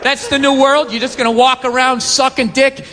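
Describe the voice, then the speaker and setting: High bright ranting comedian man. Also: little pitch movement, moderate pace, long reverb tail, a faint crowd, a little hiss or hum. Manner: loud ranting, often shouting, profane. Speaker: stand-up comedian. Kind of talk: stand-up comedy set. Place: comedy club stage with audience. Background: audience laughter.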